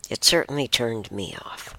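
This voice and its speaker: A woman, hosting a casual solo talk show and rambling with frequent giggles and soft, half-whispered asides. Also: a bass voice, moderate pace, no room sound. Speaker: podcast host.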